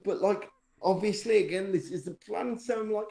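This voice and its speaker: A man's voice: high-pitched, normal speed, gravelly, hardly any pauses, dark tone. A man casually telling a long personal story, rambling with many fillers and restarts and a dry, self-mocking humour. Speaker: podcast co-host telling a story. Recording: roomy echo.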